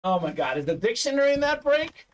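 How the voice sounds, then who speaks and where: A man hosting a live sports card break stream, excitedly hyping up buyers and reading chat messages aloud. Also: very high-pitched, fast. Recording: distant mic.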